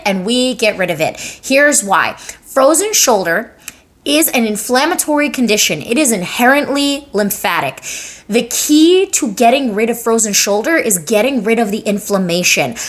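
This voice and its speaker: A young adult woman talks through a health topic in a casual, chatty way, like a massage therapist teaching her viewers. Her voice sits at an ordinary pitch, and she leans on fillers as she demonstrates. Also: a bit bright. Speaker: lymphatic drainage massage therapist. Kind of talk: casual educational explainer.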